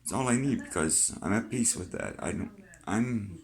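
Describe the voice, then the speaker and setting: A man's voice: lowish voice, lively intonation, moderate pace. An older man with a Canadian accent, talking freely in a rambling vlog monologue, chatty and plain-spoken, swearing now and then. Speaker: vlogger.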